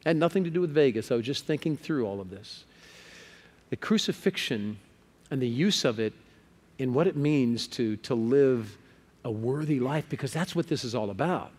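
Man, preacher, sermon, conversational, repeats words, mid pitch. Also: moderate pace. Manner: lively, repeats words when stuck, asks the crowd questions.

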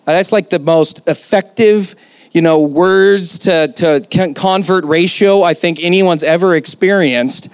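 A man's voice: fairly high pitch, clean tone, no echo. A man preaching a sermon as pastor, conversational yet emphatic, with rhetorical questions.

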